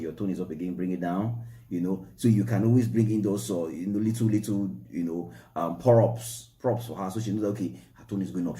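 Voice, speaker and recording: A man co-hosting a marriage Q&A show, explaining in a relaxed, repetitive way that stresses key points. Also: low voice, reverberant. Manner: repetitive, emphatic, explaining step by step. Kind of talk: relaxed advice talk.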